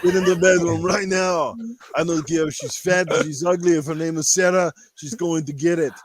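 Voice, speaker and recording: A man doing a crude, brash impression of an aging action-star man, ranting loudly with lots of swearing on a podcast. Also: on the high side, steady tone, normal speed, close to an everyday voice. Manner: loud, profane ranting.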